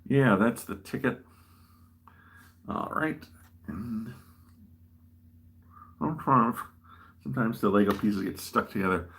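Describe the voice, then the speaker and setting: A man with a lowish voice and a bright, forceful tone hosts a livestream, chatting casually as he builds a model. He rambles from one thought to the next and pokes fun at himself. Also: lively intonation, slow pace, pauses often, slightly rough. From American Midwest. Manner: rambling, self-deprecating. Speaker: livestream host.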